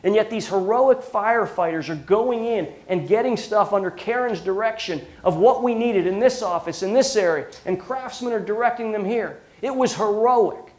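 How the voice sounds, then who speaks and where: A middle-aged man giving a speech to a live audience, telling an earnest story with frequent restarts and repeated words. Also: high voice. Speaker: guest speaker.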